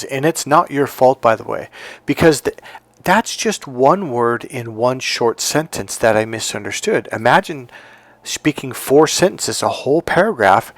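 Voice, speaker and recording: A man speaking as a relationship coach in a motivational monologue, telling stories with animated delivery. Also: medium pitch, no echo. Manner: animated storytelling, acting out dialogue.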